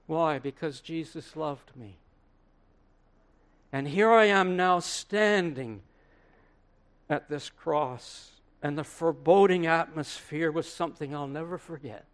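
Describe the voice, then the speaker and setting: An earnest old apostle, played by a man, recalls what he saw in a first-person sermon monologue. His voice sits fairly high and moves slowly, with long dramatic pauses and swelling emphasis. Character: aged male apostle recalling the crucifixion, earnest. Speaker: preacher in character. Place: room with listeners.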